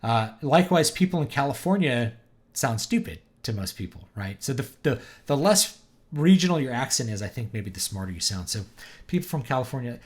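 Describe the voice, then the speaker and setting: A man with a faint Southern drawl, a writer hosting a livestream, chatting casually and drifting between topics while tossing off quick accent impressions. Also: medium pitch, sing-song. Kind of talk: casual livestream chat, reading viewer comments.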